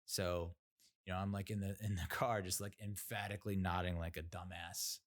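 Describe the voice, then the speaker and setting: A man's voice: low voice, little pitch movement, normal speed. A man hosting a podcast, telling a story in a rambling, sarcastic way with lots of fillers. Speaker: podcast host. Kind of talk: casual storytelling monologue.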